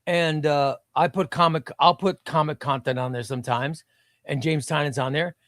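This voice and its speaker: A man's voice: on the high side, fairly even intonation, moderate pace, fairly bright tone, dry recording, clean studio sound. A man hosting a live stream, chatting about comics, reading chat aloud and repeating himself.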